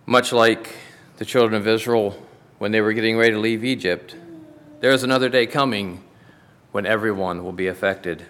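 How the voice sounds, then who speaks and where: Low-voiced pastor in a reverberant hall. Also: male voice, steady tone, moderate pace, fairly bright tone. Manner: earnest, dramatic storybook reading. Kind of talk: sermon with a read-aloud Bible story.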